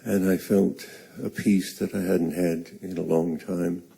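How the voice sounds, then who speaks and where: An older man slowly telling a personal story on stage, halting and earnest. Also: sits low, little pitch movement, vocal fry, warm tone, breathy edge.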